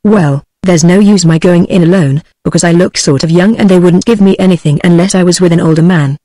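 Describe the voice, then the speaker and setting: A synthetic British-accented woman's voice reading the lines of a scheming young man sweet-talking his friend, in a flat tone. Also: on the low side, a little fast, dry recording, close to an everyday voice. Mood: persuasive. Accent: British English.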